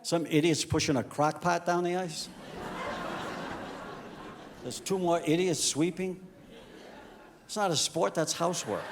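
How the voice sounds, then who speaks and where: A male stand-up comedian working through his routine, a touch higher in pitch than most men. His delivery goes from dry, deadpan setups to louder punchlines, with faint background noise under the recording. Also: a little slow, pauses often. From Italian heritage. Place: comedy stage before a live audience.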